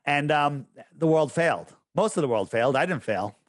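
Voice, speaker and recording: A podcast guest with a slightly high, animated voice speaks at a moderate pace, recorded with no echo. In this casual interview talk he rambles, loses his train of thought, then pushes his points in a preachy, emphatic way.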